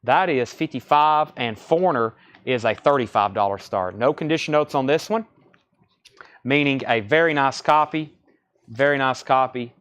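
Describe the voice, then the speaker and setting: Guy running a live record sale, quick repeat-the-price patter, average pitch. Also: a bit bright, clear, resonant tone. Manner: brisk, repeats titles, grades and prices. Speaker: record store livestream seller. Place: record store.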